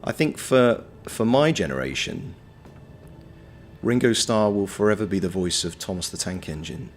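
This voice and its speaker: A lower-voiced man streams a game from home, his pitch swinging widely as he shouts at enemies and reads chat. He talks freely and animatedly, with the odd swear, into a streaming mic. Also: lively intonation, moderate pace. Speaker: streamer and voice actor. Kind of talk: live-stream gameplay commentary, chatting with viewers.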